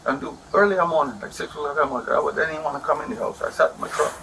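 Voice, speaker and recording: A man's voice: a little high, rapid-fire, creaky, background noise. A man rambling in an aggrieved, repetitive way as he complains to an officer about a domestic dispute. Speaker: husband explaining a domestic dispute. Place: indoors at a house.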